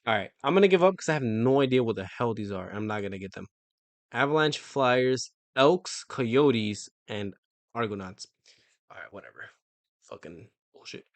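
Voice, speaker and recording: A man's voice: medium pitch, lively intonation, normal speed, no echo. A young man streaming himself taking a football quiz, muttering to himself and swearing when he gets stuck. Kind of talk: live-stream quiz commentary.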